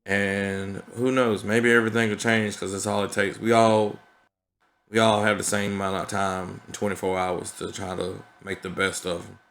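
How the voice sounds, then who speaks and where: A man with a low, bright and forceful voice talks through his thoughts in a casual vlog. He is earnest and conversational and keeps checking in with his listeners. His speech has a flavor. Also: level tone, normal speed, creaky. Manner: earnest and conversational, peppered with "you know what I mean". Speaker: vlogger. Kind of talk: reflective casual vlog talk.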